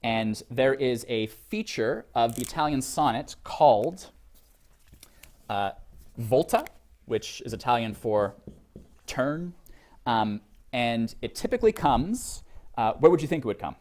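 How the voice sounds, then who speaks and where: A man's voice: mid-range voice, expressive, unhurried, pauses often, a little mellow. A man giving a college literature lecture to a class, thinking aloud with many fillers and restarts, and reading poems aloud.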